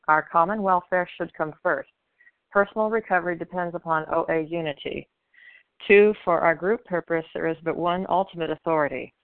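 A woman from Florida reads a numbered list at a meeting in a brisk, clear way. Her voice is smooth and crisp, and the phone line leaves it dry, thin and tinny. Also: deep voice, no room sound. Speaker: meeting member. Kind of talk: reading traditions aloud. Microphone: phone call.

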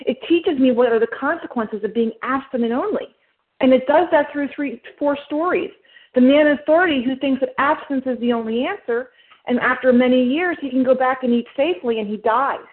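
Woman, New Jersey accent, fairly high voice, tinny phone line, emphatic, talks it through step by step. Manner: emphatic, fast-talking, explains step by step. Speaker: meeting member sharing. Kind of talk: personal share at a recovery meeting.

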